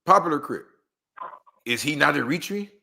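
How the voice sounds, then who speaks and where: A man's voice: on the high side, expressive, normal speed, creaky, pushed and bright. A man from Los Angeles telling a story in casual conversation, acting out the voices of the people in it, full of slang and asides. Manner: acts out quoted voices, slang-heavy, rhetorical asides. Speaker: guest storyteller. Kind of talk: animated storytelling in casual chat.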